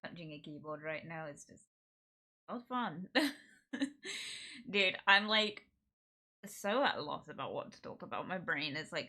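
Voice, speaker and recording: Girl streamer just chatting from home, bright kinda sharp voice, slow and rambly, keeps giggling. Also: sits low. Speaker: livestreamer. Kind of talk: casual stream chat. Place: indoors at home.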